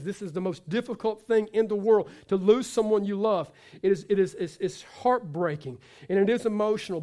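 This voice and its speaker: A man's voice: sits high, a little mellow. A pastor preaching to his congregation, emphatic, repeating himself and restarting phrases as he builds a point. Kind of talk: sermon.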